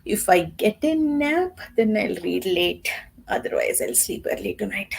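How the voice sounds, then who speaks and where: Streamer, female, husky with some fry, unhurried, tired and soft-spoken. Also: medium pitch, animated, low-quality recording. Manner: soft, often half-whispered and tired. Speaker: streamer hosting a reading sprint. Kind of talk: casual live-stream chat.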